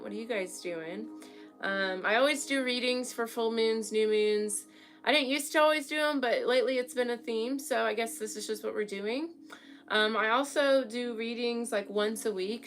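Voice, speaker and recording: In a home room set up with an altar, a young woman reads tarot casually, talking frankly and often pausing to ask "okay?" Her voice has a medium pitch and is a bit bright.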